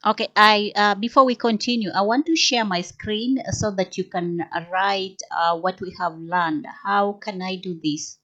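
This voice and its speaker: A woman practicing phrases with an AI tutor, hesitant and halting, carefully repeating after it. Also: mid-range voice, steady tone, a bit bright, dry recording, dull audio. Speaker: language learner.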